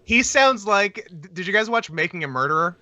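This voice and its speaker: A man co-hosting a podcast in casual chat, joking, riffing quickly and laughing often. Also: sits high, expressive, pushed and bright, muffled recording, slight background noise. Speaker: podcast co-host.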